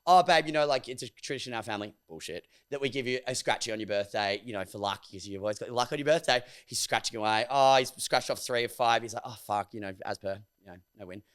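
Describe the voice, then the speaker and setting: A man in his thirties with an Australian accent, co-hosting a podcast in a casual, animated chat full of swearing and squealed impressions. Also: medium pitch, quick pace, few pauses, smooth. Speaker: podcast co-host.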